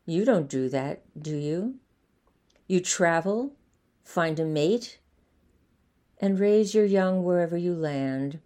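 A woman voicing a kind, soft-spoken alien of unclear gender, in a gentle, soothing way. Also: lowish voice, lively intonation, takes it slowly, long pauses.

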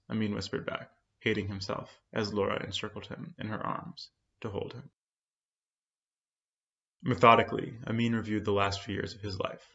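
A man reads a literary story in a measured, quiet voice. His voice is low and carries a gravelly fry. The sound is dull and lo-fi. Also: flat delivery.

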